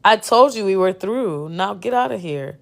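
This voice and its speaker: A woman's voice: mid-range voice, animated, normal speed, creaky. A woman reading as a cold, dismissive man. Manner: harsh, dismissive. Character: cold married man dumping his mistress.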